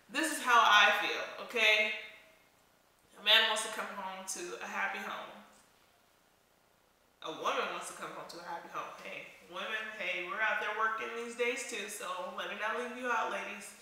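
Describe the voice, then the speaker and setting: A woman's voice: medium pitch, steady tone, normal speed, bright, forceful tone. A young woman vlogger giving frank, preachy relationship advice straight to the camera. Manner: blunt, frank, preachy, laughs at herself. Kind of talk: casual opinionated monologue to camera. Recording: echoey room.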